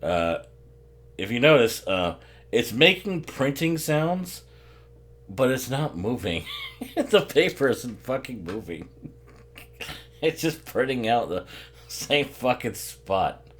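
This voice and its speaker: A man's voice: mid-range voice, very animated, slow pace, pauses often, fairly bright tone. A man giving casual, laughing commentary while watching a movie, swearing freely and rambling as he drinks bourbon. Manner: profane, laughing often, rambling.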